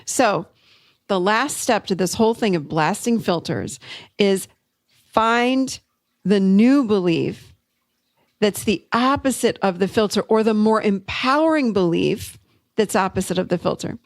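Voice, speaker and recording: A middle-aged woman hosting a podcast, telling a coaching story in an upbeat, animated way. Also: medium pitch, unhurried, no echo. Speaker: podcast host and therapist. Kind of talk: solo teaching talk.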